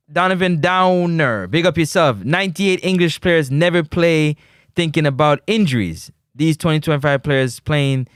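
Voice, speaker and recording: A man hosting a live sports talk show, reading out viewer comments and giving shout-outs. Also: medium pitch, clear, resonant tone, dry recording, clean studio sound. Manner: reads chat messages aloud, gives shout-outs. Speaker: host.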